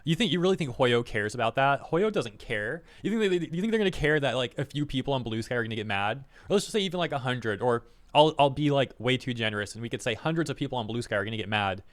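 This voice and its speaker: A man's voice: mid-range voice, lively intonation, quick pace, few pauses. A man giving casual reaction commentary as a streamer, rambling and exasperated, with lots of "like" fillers.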